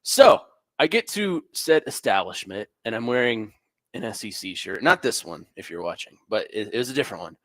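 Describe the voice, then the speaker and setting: A young adult man co-hosts sports talk radio from a studio, an animated storyteller trading banter full of sarcasm and fillers. His voice sits on the low side and moves briskly, with no echo.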